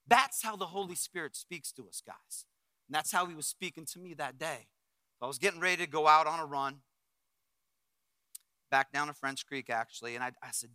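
A middle-aged man preaching as a pastor, telling a story with acted-out quotes and swings from loud bursts to hushed reflection. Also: on the high side, brisk, dry recording. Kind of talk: sermon storytelling.

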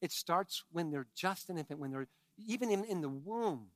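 A man preaching a sermon with emphatic swings from hushed tones to shouting and chatty asides to his congregation. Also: fairly high pitch, animated, moderate pace, no room sound. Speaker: pastor.

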